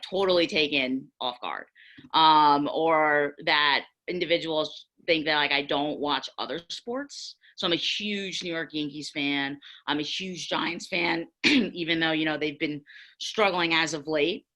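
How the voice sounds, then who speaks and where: A young woman on a panel discussion, candidly telling stories with lively acted-out quotes. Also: low-pitched, measured pace, poor audio.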